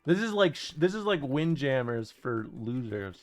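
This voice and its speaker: A man's voice: mid-range voice, very animated, moderate pace, soft background music. A man streaming a video game, chatting casually and reacting to chat with profane, incredulous jokes. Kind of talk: casual gameplay commentary.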